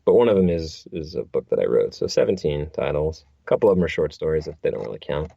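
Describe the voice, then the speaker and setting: A man, an audiobook narrator, chatting as a guest, talkative and quick to laugh. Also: very deep voice, sing-song, gravelly, warm tone, breathy edge, no echo, dull audio. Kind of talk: casual interview chat.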